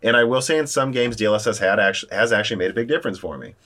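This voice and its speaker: Low-ish guy hosting a tech podcast, animated, jumps around in pitch. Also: racing. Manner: animated, talks through restarts, lively pitch jumps. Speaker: podcast host. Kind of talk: casual tech chat.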